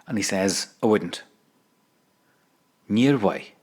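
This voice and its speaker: A man's voice: deep voice, expressive, measured pace. A man teaching an audio language lesson, patiently prompting the listener to repeat phrases.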